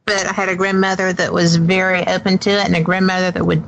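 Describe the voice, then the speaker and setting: A woman's voice: on the low side, little pitch movement, quick pace, gravelly, fairly bright tone, dull audio, slight background noise. A woman from Alabama hosting a radio talk show, upbeat and enthusiastic. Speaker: radio host.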